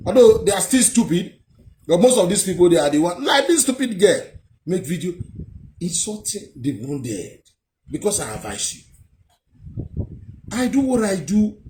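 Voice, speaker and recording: A man's voice: a little high, darkish tone, slight background noise. A man, delivering heated, scornful commentary with rhetorical questions. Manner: scornful, lectures the viewer with many rhetorical questions. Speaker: vlogger.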